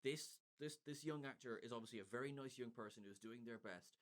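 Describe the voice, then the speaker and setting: Wry man recapping on a podcast. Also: mid-range voice. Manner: wry, sardonic, quick asides. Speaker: podcast co-host. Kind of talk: casual podcast chat recapping an episode.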